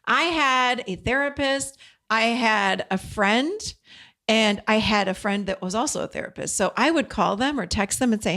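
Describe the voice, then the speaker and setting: A woman's voice: fairly high pitch, expressive, moderate pace, bright, forceful tone. A woman hosting an advice podcast, talking in an earnest, direct coaching way and mixing in personal stories. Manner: chatty, frequent "you know". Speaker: podcast host and codependency coach.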